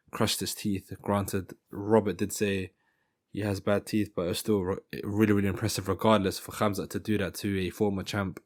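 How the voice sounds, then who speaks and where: A man's voice: on the low side, darkish tone. A man giving casual fight commentary in a rambling style, often stopping to correct himself. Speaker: MMA commentator.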